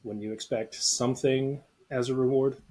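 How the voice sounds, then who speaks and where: A man's voice: medium pitch, fairly even intonation, normal speed, darkish tone. A man co-hosting a casual movie discussion podcast, joking and rambling with frequent laughs. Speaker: podcast co-host.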